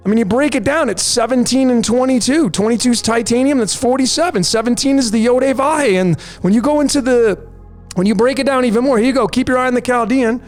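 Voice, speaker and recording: Very high-pitched male host, insistent slide-by-slide commentary, faint music bed underneath. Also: fast talker, a little mellow. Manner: insistent, repeats "folks" and "there it is". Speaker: numerology channel host. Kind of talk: conspiracy commentary over slides.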